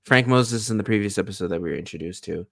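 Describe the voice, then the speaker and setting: A deep-voiced man with a gravelly edge, chatting through a TV episode recap. He retells scenes loosely with plenty of fillers and laughs. The sound is dry and close. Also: fast talker, no echo. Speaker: recap show co-host. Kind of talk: casual TV recap chat.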